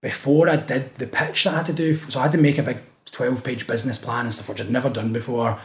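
A Scottish man with a Glasgow-area accent talks as a guest in a casual podcast chat, his voice sitting at an ordinary middle pitch. He tells his stories with energy, swears freely and acts out the people he quotes. The recording has a noticeable roomy echo. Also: fast. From Scotland. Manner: animated storytelling, swears often, acts out quotes. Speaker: guest, street artist.

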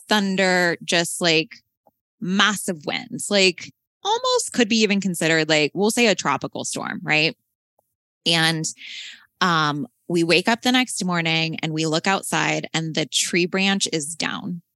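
A woman's voice: fairly low pitch, lively intonation, slow, sharp tone, dry recording. Rambling, chatty woman, dry close mic. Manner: rambling, filler-heavy, laughing often. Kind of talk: casual storytelling chat.

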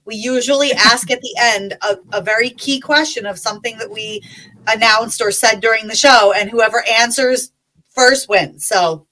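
Woman co-host, chatty, explains things fast, fairly high and bright voice. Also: rough recording. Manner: quick, chatty, explains plans. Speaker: podcast co-host. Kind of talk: casual chat.

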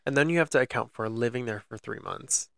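Gravelly young man rambling casually. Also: mid-range voice, a little fast, no echo, studio quality. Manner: rambling, filler-heavy storytelling. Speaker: podcast co-host. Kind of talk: casual chat.

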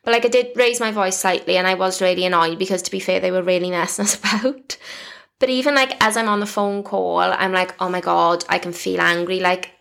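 British woman in her 30s chatting on her podcast, bit of vocal fry, says like a lot. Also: medium pitch, fairly quick, fairly bright tone. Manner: chatty, frequent "like" fillers, confiding. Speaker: podcast host. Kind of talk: casual solo podcast chat.

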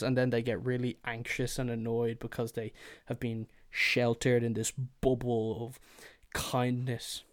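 A man's voice: mid-range voice, little pitch movement, measured pace. A man hosting a podcast, venting alone in a heated, profane rant and slipping into mocking impressions. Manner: profane, heated, swears freely; slips into mocking whiny impressions. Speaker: podcast host. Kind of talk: solo ranting monologue.

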